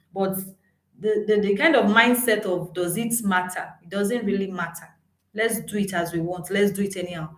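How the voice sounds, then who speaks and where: A woman giving an earnest motivational talk to students, repeating points for emphasis. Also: medium pitch. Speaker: educator speaking to students. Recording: roomy echo.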